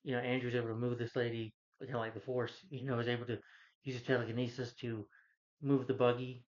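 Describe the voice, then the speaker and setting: A man's voice: mid-range voice, little pitch movement, fast talker. Rambling man recapping a movie plot. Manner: rambling, full of "you know" and restarts. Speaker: movie reviewer. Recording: dull lo-fi recording.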